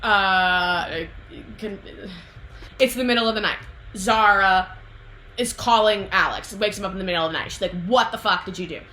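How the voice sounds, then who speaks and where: A young woman with a bright, forceful voice gushes through a story in casual, profane chat, slipping into the characters' voices as she goes. The room around her is echoey, with a faint hum of noise in the background. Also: mid-range voice, moderate pace. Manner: animated, profane, acts out characters' lines, frequent laughter. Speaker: host retelling a book plot.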